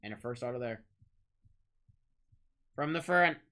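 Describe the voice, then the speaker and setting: A man hosting a live-streamed trading card break, rattling off pulled cards, shouting out big hits and bantering with chat. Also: medium pitch, expressive. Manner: rapid-fire calling of card names, shouting big hits; chatty, teasing banter with chat.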